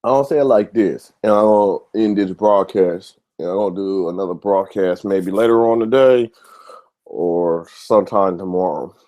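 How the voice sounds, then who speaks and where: A man's voice: low-pitched, moderate pace, dark tone. Heated, profane man ranting on his show. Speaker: YouTube show host. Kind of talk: ranting monologue to camera.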